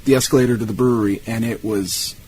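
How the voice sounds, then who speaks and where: A man co-hosting a film podcast, relaxed, adding details in short remarks. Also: on the low side, fast, slight background noise. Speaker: podcast co-host. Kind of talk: casual film-review chat.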